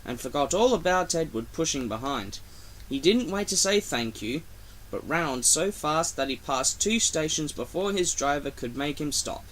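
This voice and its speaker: A man reading a children's railway storybook aloud, expressive. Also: fairly high pitch, slight background noise.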